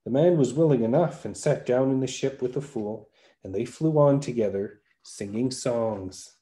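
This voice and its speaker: A man narrating a folktale aloud with a lively, varied storytelling delivery. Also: mid-range voice, normal speed. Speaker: podcast storyteller.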